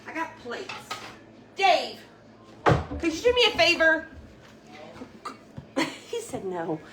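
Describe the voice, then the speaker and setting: A woman's voice: high voice, wildly swooping pitch, slow pace, background noise. Chatty woman greeting live viewers. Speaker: live-stream host. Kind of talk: casual live-stream chat. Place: home kitchen at night.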